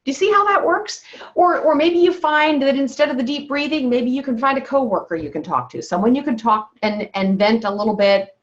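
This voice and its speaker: A woman's voice: high voice, brisk. A woman health coach leading a wellness call, coaching her listeners and checking in with "okay?" after almost every point. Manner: coaching tone, keeps asking "okay?". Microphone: video call. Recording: dull lo-fi video call audio.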